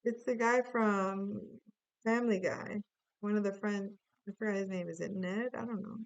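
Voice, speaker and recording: A woman's voice: mid-range voice, steady tone, normal speed, clear, resonant tone, no room sound, highs cut off. A woman giving a casual tarot reading, playful and musing aloud with chatty asides. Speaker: tarot reader.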